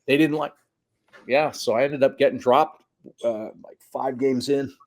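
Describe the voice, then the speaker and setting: A middle-aged man, a high school soccer coach, telling stories in a casual conversation, acting out quotes and cursing now and then. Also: a little slow. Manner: animated storyteller, acts out quotes, swears.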